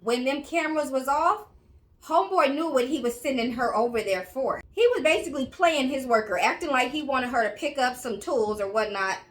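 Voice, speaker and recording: A woman's voice: high-pitched, animated, brisk, a bit bright. A woman hosting reaction commentary, blunt and casual as she weighs in on a clip. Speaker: commentary host.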